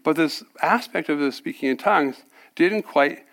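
A man with a slightly higher voice preaches a personal testimony. He tells his story animatedly, often voicing the people in it and laughing along the way. His delivery rises and falls between energy and quiet reflection. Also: normal speed, creaky. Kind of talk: sermon testimony.

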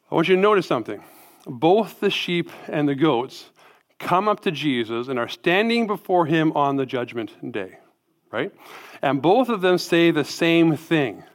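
A man preaching a sermon as pastor, emphatic, asking rhetorical questions and tagging lines with "right?". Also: medium pitch.

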